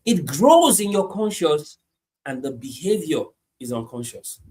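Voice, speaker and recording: A man preaching a sermon, repeating his points emphatically and moving between hushed lines and loud climaxes. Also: fairly high pitch, big pitch swings, measured pace. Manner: repetitive, emphatic, swings from hushed to shouting.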